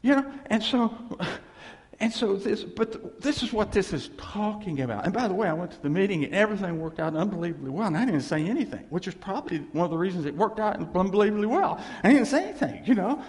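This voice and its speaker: A man's voice: sits high, fast. A man preaching a sermon as pastor, telling stories with laughs and acted quotes. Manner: animated storytelling with laughs and voiced quotes. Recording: long hall reverb.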